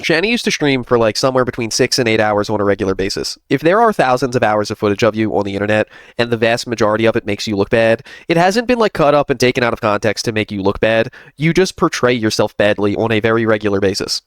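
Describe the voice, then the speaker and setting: A man's voice: on the low side, animated, quick pace, few pauses, clean tone, dry recording, studio quality. A man giving casual commentary, ranting in a sarcastic, suspicious way. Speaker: co-host.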